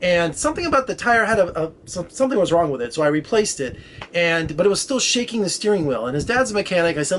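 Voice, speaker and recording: A man's voice: high voice, fast, slight background noise. A man casually telling a long road-trip story to camera, acting out the people he met. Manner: animated, acts out voices in his story. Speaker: film critic vlogger. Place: Las Vegas area.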